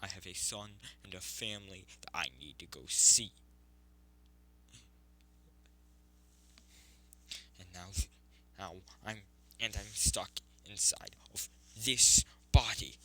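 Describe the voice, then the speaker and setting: A man's voice: lowish voice, unhurried, full character voice. A man voicing Kurama, a desperate sobbing fox beast. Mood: pleading. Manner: pleading, swings between whispers and shouts. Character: huge male nine-tailed fox beast, grieving desperate father.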